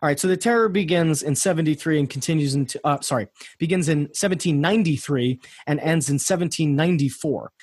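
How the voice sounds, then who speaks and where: An American man talks through history in a loose, rambling podcast chat, doubling back over his words as he goes. His voice is a touch high and husky. The sound is dry and close, with no room behind it. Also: fast talker, a little mellow, no echo. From United States. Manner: rambling storyteller, frequent restarts.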